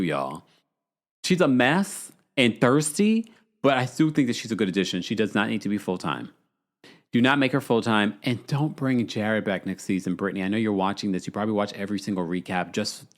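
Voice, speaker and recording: A man hosting a podcast, recapping a reality show in casual, gossipy chat with animated asides and laughs. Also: mid-range voice.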